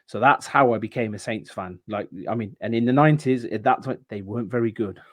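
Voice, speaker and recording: A man guest on a podcast, telling stories in casual chat and pausing with many ums. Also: mid-range voice, a bit bright. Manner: rambling storyteller, halting with many ums.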